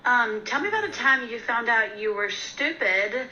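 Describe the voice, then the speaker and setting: A woman's voice: fairly high pitch, animated, moderate pace, sharp tone, muffled recording, a little hiss or hum. A woman asking a prompt and telling a short funny story in social video clips, offhand and self-mocking. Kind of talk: storytelling clip.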